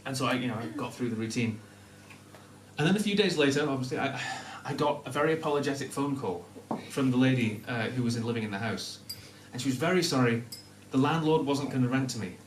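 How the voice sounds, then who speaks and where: A young man from Newcastle with a softened Northern English accent, telling a self-deprecating personal story to a live audience, often laughing as he talks. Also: mid-range voice, expressive, quick pace, a little hiss or hum. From Newcastle, North of England. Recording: echoey room, mic at a distance.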